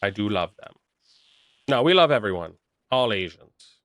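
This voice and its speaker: A man's voice: fairly low pitch, sing-song, normal speed, fairly bright tone, no room sound, studio quality. Joking, rambling young man on stream. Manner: rambling, crude and joking, reacting to chat. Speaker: livestreamer reading chat. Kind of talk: casual live-stream chat.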